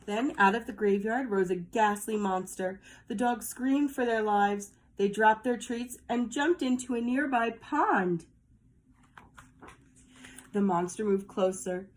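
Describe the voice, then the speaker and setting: Slow, animated storybook reader woman. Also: medium pitch. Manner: slow, animated read-aloud for kids. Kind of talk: reading a children's picture book aloud.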